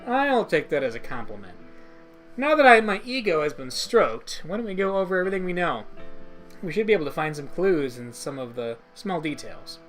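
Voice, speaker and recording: A man's voice: fairly high pitch, very animated, a little fast, a bit bright, faint music behind. Male streamer doing a dry, bossy young detective. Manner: dry, dismissive.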